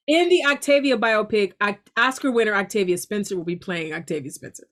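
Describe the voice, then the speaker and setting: A middle-aged woman, an actress, chatting casually in an interview, lively and prone to laughter. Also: mid-range voice. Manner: lively and laughing, with frequent restarts. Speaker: actress guest.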